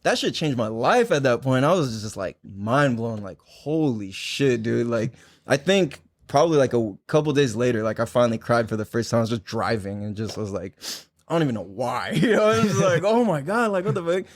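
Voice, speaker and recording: A man's voice: medium pitch, fairly quick, no room sound, clean studio sound. A young man hosting a podcast, chatting casually and telling stories full of swearing and filler words. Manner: profane, animated storytelling with many "like"s. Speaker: podcast host. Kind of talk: casual chat.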